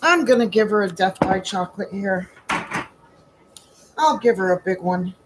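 A woman's voice: medium pitch, animated, moderate pace, background noise. A woman hosting a chatty baking demo from her home kitchen, asking rhetorical questions and calling her viewers sweetie and honey. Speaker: home baker and host.

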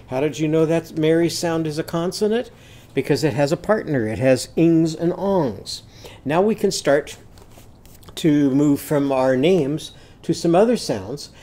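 A man's voice: on the high side, animated, a little slow, dark tone. A man teaching a phonics lesson, chanting letter sounds in a sing-song way and explaining the activities.

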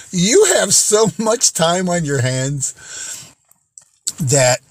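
A cheerful man talks straight to his viewers in a slow, unhurried ramble, breaking into laughter between phrases. His voice sits a little high for a man and sounds close and dry, with no room echo. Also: sing-song. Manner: laughs often between phrases, drawn-out and playful; chatty, addresses viewers as guys and folks. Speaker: vlog host. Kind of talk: upbeat motivational monologue.

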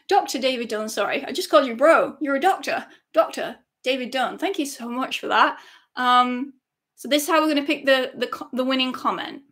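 A woman hosting a live giveaway stream, chatting excitedly and reading out viewer comments. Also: sits high. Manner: excitable, gushing, reads chat comments aloud. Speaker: music channel host.

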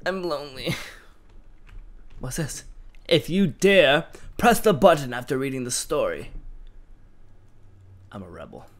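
Young man, gaming commentary, jumpy, swears a lot, lively swooping pitch. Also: unhurried, pauses often. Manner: jumpy, swearing, self-mocking, prone to startled yelps. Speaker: gaming YouTuber. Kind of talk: horror gameplay commentary.

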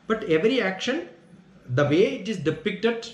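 A man's voice: sits high, very animated, normal speed, reverberant. A man teaching as a spiritual teacher, answering questions earnestly and checking in with his listeners as he explains. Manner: earnest, explanatory, asks "Got it?" to check understanding.

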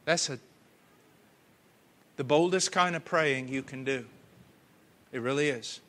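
A man preaching a sermon with passion, swinging from hushed earnest tones to loud cries. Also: medium pitch, slow pace.

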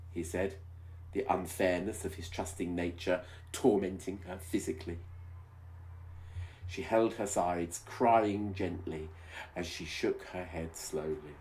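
A man's voice: low-pitched, fairly even intonation, measured pace, darkish tone. A man reading a romance story aloud in a mock-dramatic way, breaking off for teasing, sarcastic comments. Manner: wry, teasing. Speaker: video host reading aloud.

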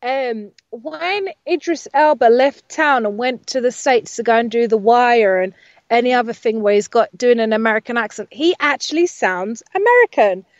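Fairly high-voiced chatty woman, dry lo-fi sound. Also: animated, normal speed, no echo. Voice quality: rambling, full of fillers and self-corrections. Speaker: voiceover artist and speaking coach, guest. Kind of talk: casual interview chat.

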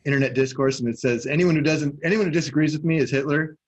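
Husky man co-host telling stories. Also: fairly high pitch, quick pace, highs cut off. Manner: animated storytelling, acting out both sides of a conversation. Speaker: podcast co-host and hypnosis coach. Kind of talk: casual chat.

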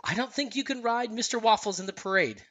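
A man reading a storybook aloud, voicing a calm, gentle queen who speaks kindly and steadily. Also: sits high, fairly quick, voice pushed up.

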